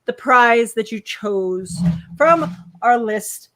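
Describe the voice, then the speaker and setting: A woman co-hosting a casual live stream, teasing her partner with quick, giggly asides. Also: on the high side, lively intonation, a bit bright. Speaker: podcast co-host.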